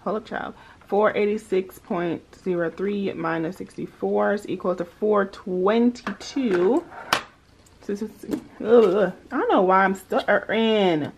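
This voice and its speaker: A woman's voice: mid-range voice, unhurried, husky. A young woman vlogging her paycheck budget, working sums aloud and chatting to her viewers with a familiar, playful manner. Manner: chatty, talks to viewers as y'all, child, girl. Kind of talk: casual budgeting vlog, talking through calculations.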